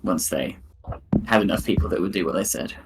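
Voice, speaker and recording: A man's voice: deep voice, expressive, fairly quick, vocal fry, noisy background. A man playing a tabletop role-playing game, making dry, wry remarks to the group. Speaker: player. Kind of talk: casual tabletop play chat.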